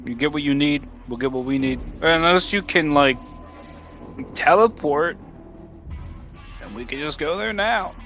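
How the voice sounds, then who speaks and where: A man's voice: fairly high pitch, animated, measured pace, long pauses, a bit bright, faint music behind. A man playing in a tabletop game who talks casually, bluntly and with profanity. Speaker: player. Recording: muffled mic with faint noise.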